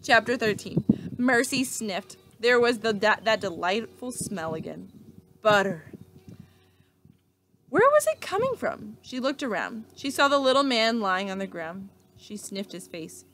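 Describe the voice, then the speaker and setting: A teacher reading a children's book aloud with expressive, steady storytelling. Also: female voice, medium pitch, measured pace, a little hiss or hum.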